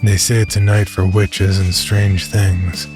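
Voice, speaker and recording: Deep, flat-voiced man narrating horror. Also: unhurried. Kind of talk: first-person horror story narration. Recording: narration over clear music bed.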